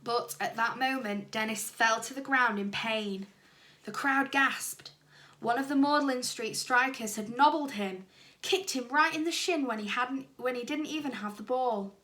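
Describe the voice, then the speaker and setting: Teacher lady reading a kids book out loud, lively, high bright voice. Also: unhurried. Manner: lively expressive storytelling. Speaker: primary school teacher. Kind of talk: reading a storybook aloud.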